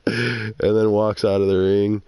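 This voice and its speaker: Low-voiced dude on a wrestling podcast, casual, swears a lot, acts out quotes, dry mic. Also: male voice, little pitch movement, unhurried, darkish tone, clear, resonant tone, no room sound. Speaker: podcast co-host. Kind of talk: casual wrestling review chat.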